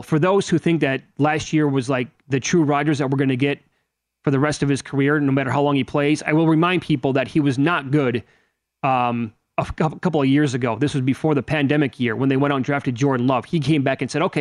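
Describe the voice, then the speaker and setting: A man's voice: mid-range voice, steady tone, fairly quick, dry recording, studio quality. A man from Wisconsin hosting a sports talk radio show and asking a guest questions in a conversational way. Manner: conversational, with filler and restarts.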